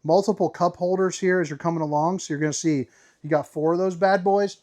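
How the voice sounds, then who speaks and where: A man's voice: sits high, steady tone, brisk, darkish tone. A man hosting a casual walkthrough tour inside a travel trailer, upbeat and playful with slangy asides. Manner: upbeat, playful, slangy, calls viewers baby. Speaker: RV tour host.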